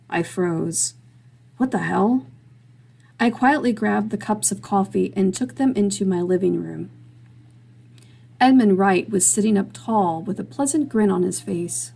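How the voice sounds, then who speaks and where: A woman reading her own story aloud in a steady, measured storytelling manner. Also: medium pitch, creaky, slightly rough. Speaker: author narrator.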